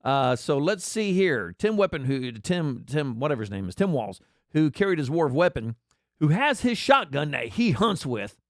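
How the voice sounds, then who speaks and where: A man's voice: on the high side, very animated, normal speed, dry recording, studio quality. A man delivering a sarcastic, mocking political commentary rant. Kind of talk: ranting commentary.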